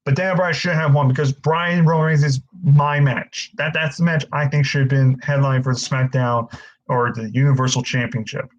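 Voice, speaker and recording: A man's voice: mid-range voice, level tone, normal speed, dull audio, slight background noise. A young man hosting a casual live-stream Q&A, frustrated and stammering, swearing often as he answers viewers.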